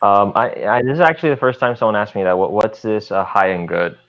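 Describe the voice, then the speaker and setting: Man, tabletop player, hesitant, low pitch, dull lo-fi recording. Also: fast talker, fairly bright tone. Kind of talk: casual tabletop game chat. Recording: dull lo-fi sound.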